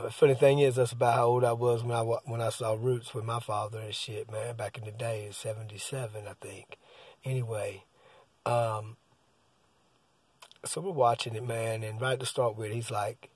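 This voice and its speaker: A man's voice: medium pitch, normal speed, a little mellow, breathy edge, no room sound. A man, rambling and swearing casually as he tells a story about his son. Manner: rambling, profane, keeps saying "man". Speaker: father telling a story.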